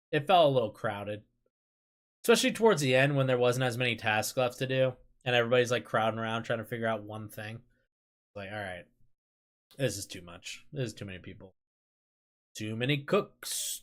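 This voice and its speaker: A man's voice: medium pitch, fairly bright tone. A man hosting a casual livestream chat, rambling with lots of fillers, laughing and swearing as he talks. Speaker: streamer host.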